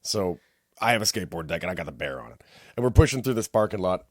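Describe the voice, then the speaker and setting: A man with a low voice spins a rowdy story in relaxed podcast chat. He swears freely and jumps into the voices of the people he quotes. The sound is dry and close, with no room around it. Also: quick pace, no echo. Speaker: podcast co-host.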